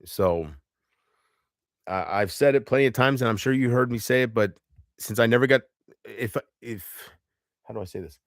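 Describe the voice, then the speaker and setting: Halting, emotional man on a livestream. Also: mid-range voice, no room sound, clean studio sound. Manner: halting, emotional, full of restarts and trailing off. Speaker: live streamer. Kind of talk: casual livestream chat.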